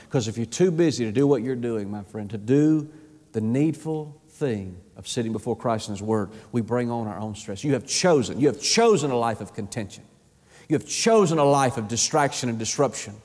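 A man preaching a sermon in an emphatic, repetitive way, his pitch climbing high and falling low. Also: darkish tone, in a large hall. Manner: emphatic, repeats words, rises and drops sharply in pitch.

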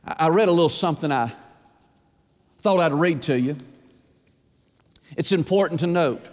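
High-voiced Southern preacher in a reverberant hall. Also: male voice, normal speed, darkish tone. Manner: emphatic, folksy, fond of rhetorical questions. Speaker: pastor. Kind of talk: sermon. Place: church sanctuary. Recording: long reverb of a large hall.

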